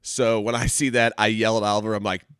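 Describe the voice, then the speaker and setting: A man's voice: on the low side, fast talker, clear, resonant tone, dry recording, studio quality. A man, co-hosting a casual podcast, telling a story with lots of laughter, swearing and acted-out quotes. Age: 40s. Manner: animated, profane, laughs often, acts out quotes. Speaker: podcast co-host.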